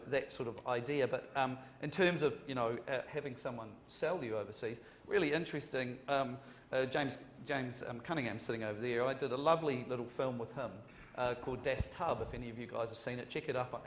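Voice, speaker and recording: A man with a New Zealand accent, a screenwriter on a conference panel, rambling with jokes and self-deprecating asides and often restarting his sentences. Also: medium pitch. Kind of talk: panel discussion. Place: conference hall. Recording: echoey hall, faint noise.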